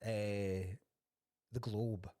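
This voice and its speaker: A man's voice: on the low side, little pitch movement, extremely slow, dark tone. A Scottish man co-hosting a comedy podcast, telling a long story in a casual chat, swearing freely and laughing often. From Scotland. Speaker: podcast co-host.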